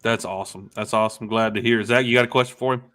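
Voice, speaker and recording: A man's voice: lowish voice, steady tone, fast talker, fairly bright tone. A man co-hosting an interview show, friendly and upbeat, with lots of fillers. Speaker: podcast co-host. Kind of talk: casual interview chat.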